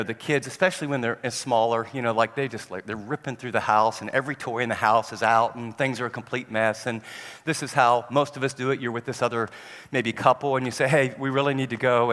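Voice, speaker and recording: A man preaching a sermon on parenting, telling stories and acting out parents and children in an animated way. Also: mid-range voice. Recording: long hall reverb.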